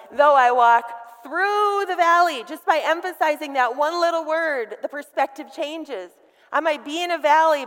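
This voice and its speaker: A woman's voice: high voice, a bit bright. A middle-aged woman delivering a sermon to women, emphatic and calling on her listeners to repeat key words. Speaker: women's ministry speaker. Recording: long reverb from a hall.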